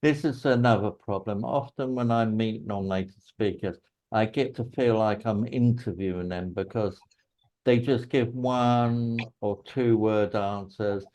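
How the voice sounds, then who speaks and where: A man with an English accent, a teacher explaining English usage in a relaxed way and telling anecdotes. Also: lowish voice, unhurried, low-quality recording.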